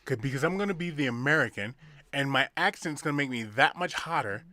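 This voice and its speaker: A man's voice: mid-range voice, a little fast, dry recording. A middle-aged man from the area, telling profane stories on a casual podcast as co-host. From Boston area. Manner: profane, animated storyteller.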